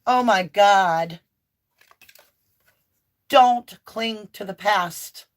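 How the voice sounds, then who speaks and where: Lady doing a tarot reading, slow and preachy, really fired up. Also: mid-range voice. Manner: impassioned, preachy, emphatic declarations. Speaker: tarot reader. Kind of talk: spiritual tarot reading monologue.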